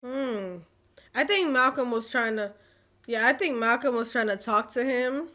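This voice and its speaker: A woman's voice: fairly high pitch, measured pace, pushed and bright, a little hiss or hum. A young woman hosting a reaction video, chatting casually and talking back to the screen. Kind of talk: casual film commentary.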